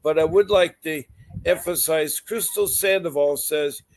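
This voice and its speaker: A man's voice: on the high side, unhurried. A man hosting a call-in advice show, asking folksy questions and steering the conversation. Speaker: talk show host.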